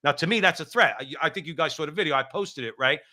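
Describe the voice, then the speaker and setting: Animated New Jersey man in his fifties. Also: a little high, fast. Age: 50s. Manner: animated storyteller, many repeats and asides. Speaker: host. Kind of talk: political talk show chat.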